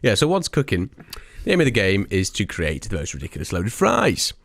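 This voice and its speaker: A man's voice: fairly low pitch, wildly swooping pitch, a little fast, vocal fry, fairly bright tone, no echo. A young man co-hosting a podcast, telling stories in a rambling way and laughing often. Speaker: podcast co-host. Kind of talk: casual chat.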